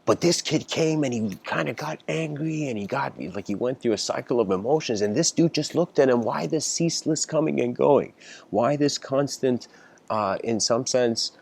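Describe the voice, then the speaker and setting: A young man giving a casual spoken lecture, rambling with many fillers and restarts and voicing the people in his story. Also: mid-range voice. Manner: acts out characters in the story with raised voice.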